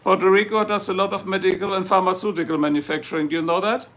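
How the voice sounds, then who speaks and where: In a high, fairly bright voice, a man from Germany with a German accent talks fast as he hosts a casual livestream. His intonation stays fairly even while he rambles and jokes in response to viewer comments.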